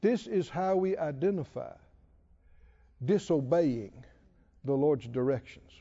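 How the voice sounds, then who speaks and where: A man preaching a sermon with animated delivery, repeating phrases and quoting scripture. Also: a little high, takes it slowly, muffled recording. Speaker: pastor.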